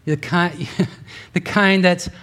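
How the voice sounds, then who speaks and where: A man's voice: high-pitched, fairly even intonation, takes it slowly, fairly bright tone. A man preaching a sermon in an earnest, conversational way, rising in force for emphasis. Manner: conversational with asides and restarts. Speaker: pastor.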